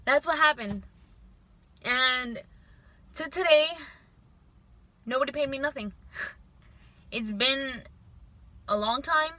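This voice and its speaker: A young woman vlogger telling a storytime to camera, venting in an animated, frustrated way. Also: high-pitched, takes it slowly, pauses often, dry recording.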